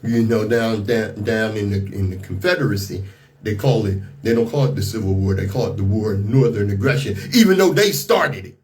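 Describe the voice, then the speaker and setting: A man's voice: fairly low pitch, steady tone, fairly quick, a little mellow. A man hosting a radio talk show, giving outspoken, indignant commentary on the news and often repeating and restarting his words.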